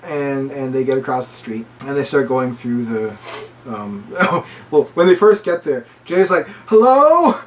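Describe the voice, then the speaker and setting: A young man recapping a film in casual chat, animated and laughing often as he acts out lines in put-on voices. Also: medium pitch, moderate pace. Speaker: movie reviewer. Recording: distant mic with faint noise.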